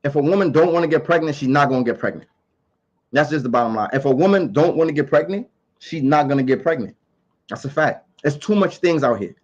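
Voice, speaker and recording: A man's voice: fairly high pitch, expressive, fast talker, lo-fi sound. A man giving his opinions in a casual monologue to camera. He talks emphatically, repeats his points and asks rhetorical questions.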